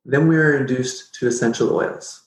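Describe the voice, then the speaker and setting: Animated storytelling man, roomy sound. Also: medium pitch, moderate pace. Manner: animated, jokey, acts out his own past reactions. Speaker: podcast guest. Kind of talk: casual storytelling interview. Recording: roomy echo.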